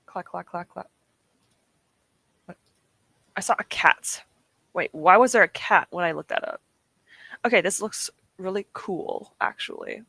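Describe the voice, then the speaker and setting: A woman's voice: fairly low pitch, lively intonation, normal speed, creaky, pauses often, pushed and bright, breathy edge, dry recording. A woman hosting a casual livestream, chatty and self-deprecating as she answers her chat, emotional and close to tears, with a sore throat. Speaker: livestream host.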